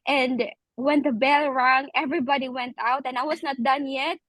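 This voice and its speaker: A woman teacher from the Philippines speaks with a Bisaya accent in a high voice. She tells classroom stories in a lively way and acts out her students' lines. Her video call audio is dry and close. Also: moderate pace, dry recording. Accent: Filipino (Bisaya). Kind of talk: casual video call chat.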